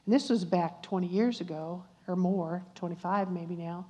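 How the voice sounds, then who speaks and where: A woman's voice: fairly low pitch, moderate pace, dark tone. An older woman tells a personal faith story at a church luncheon, acting out the dialogue with asides to the audience. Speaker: guest speaker at a church luncheon. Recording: muffled recording in a reverberant church hall.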